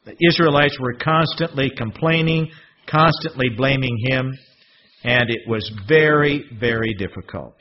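A man preaching a sermon in a husky voice, expressive and fond of rhetorical questions. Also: medium pitch, a little hiss or hum. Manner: expressive, rhetorical questions, swings from loud to hushed. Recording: dull lo-fi recording.

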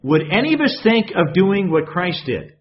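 With a high voice full of big pitch swings, a man preaches at a moderate pace, talking conversationally and regularly questioning the congregation as their pastor. It's captured in dull, lo-fi sound.

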